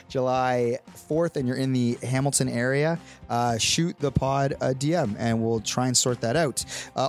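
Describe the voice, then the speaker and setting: A man's voice: medium pitch, a little mellow. A man, co-hosting a podcast, signing off the show and plugging upcoming live dates. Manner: brief reactions, then reads out plugs and sign-off. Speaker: podcast co-host. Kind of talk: casual chat, show wrap-up.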